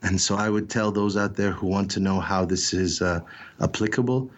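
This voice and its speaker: A man speaks in a deep, low register as he tells a story. His delivery is intense and dramatic, with frequent pauses and "uh" fillers between phrases. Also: fairly even intonation, highs cut off. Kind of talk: reflective storytelling talk.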